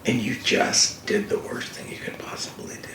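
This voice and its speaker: Whispering at a normal speed, an older racing TV commentator, here as a guest, tells stories in an animated, emphatic way during a casual fireside conversation. He's recorded at a distance in an echoey room, and faint hiss can be heard.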